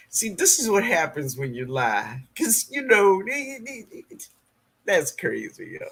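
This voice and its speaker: A man's voice: high-pitched, big pitch swings, a little slow, vocal fry, fairly bright tone, breathy edge. A middle-aged man hosting a live gardening stream, reading the chat aloud and greeting viewers by name, laughing often.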